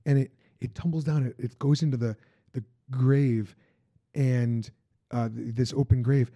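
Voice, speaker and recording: A man hosting a podcast, chatting casually and haltingly, often restarting sentences. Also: medium pitch, steady tone, mellow, husky, dry recording, clean studio sound. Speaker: podcast host. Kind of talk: casual interview chat. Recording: dull lo-fi sound.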